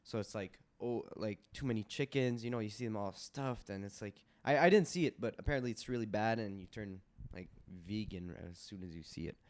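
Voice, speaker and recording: A man's voice: fairly low pitch, brisk, few pauses, a little mellow. A young man who is a guest on a casual podcast, talking in a chatty way and jumping in often. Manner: chatty, interjecting. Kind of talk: casual chat.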